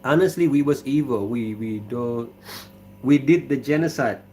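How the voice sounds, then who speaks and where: Relaxed Indonesian man chatting on a livestream. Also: mid-range voice, a little hiss or hum. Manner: relaxed, halting, reads viewer comments aloud. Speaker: livestream host. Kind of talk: casual livestream chat. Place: kitchen.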